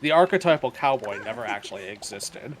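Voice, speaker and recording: A man's voice: medium pitch, animated, a little fast, loud music behind the voice. A man in casual game-stream chat, making dry, contrarian remarks.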